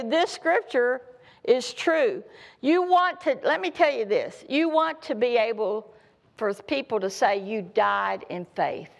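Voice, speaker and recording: A woman's voice: a little high, creaky. A middle-aged woman preaching a sermon, telling folksy, humorous personal stories.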